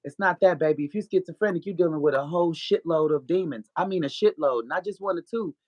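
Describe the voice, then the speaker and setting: A woman guest author talks fast in a low, darkish voice, sharing her story candidly with profanity, spiritual preaching, and frequent laughter. The audio is lo-fi with no room sound.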